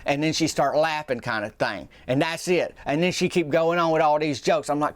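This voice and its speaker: A man's voice: fairly high pitch, a little fast, few pauses, no room sound. A man telling a comic story in a rambling, folksy way, full of restarts and asides. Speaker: storyteller host.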